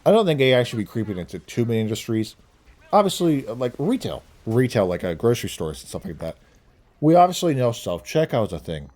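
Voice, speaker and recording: A man's voice: mid-range voice, sing-song, brisk, a little mellow. A young man vlogging his opinions in a casual, rambling monologue, laughing at his own jokes. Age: young adult.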